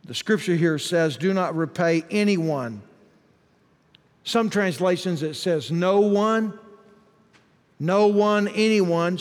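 Preacher man, high and ringing. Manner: swings from soft asides to shouted emphasis. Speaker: pastor. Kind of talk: sermon. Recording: long hall reverb.

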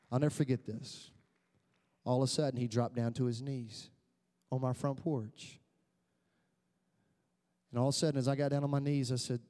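Preacher in a reverberant church hall. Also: male voice, medium pitch, fairly even intonation, fairly quick, pauses often. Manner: storytelling preacher, building to loud emphatic peaks. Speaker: pastor. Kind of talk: sermon.

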